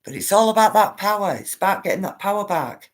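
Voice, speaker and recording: A woman's voice: medium pitch, lively intonation, quick pace. A woman, talking straight to her viewers on a casual live stream and reading out their comments in a blunt, emphatic way. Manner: blunt, emphatic, repeats herself for stress; addresses viewers directly.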